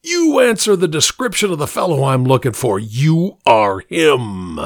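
A man voicing a menacing, vengeful male killer in a read-aloud story, with a throaty, rasping snarl and slow threatening delivery. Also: fairly high pitch, big pitch swings, dry recording, studio quality, heavily acted. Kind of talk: dramatic story reading.

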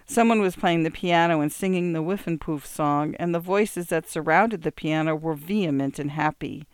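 A narrator reading a short story aloud in a calm, measured storytelling way. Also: medium pitch, clear, resonant tone, no echo, clean studio sound. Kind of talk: audiobook narration.

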